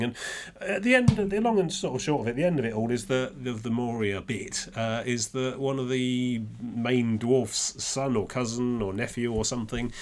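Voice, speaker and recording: A man chatting casually about a game he plays, rambling with many restarts and dry sarcastic asides. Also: mid-range voice. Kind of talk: casual gaming chat.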